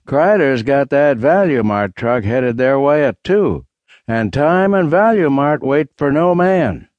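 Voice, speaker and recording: Higher-pitched voice, calm and needling, smug older brother, as a male narrator puts him on. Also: slow pace, no room sound, muffled recording. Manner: calm, faintly mocking.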